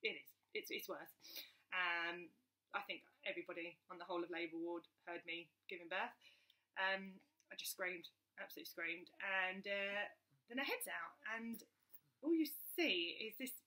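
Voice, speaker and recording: Woman, 30s, casual vlogger, animated storyteller, crisp bright tone. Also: lowish voice, normal speed. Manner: chatty, animated retelling with many fillers. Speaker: mother telling her birth story. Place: at home with her young child.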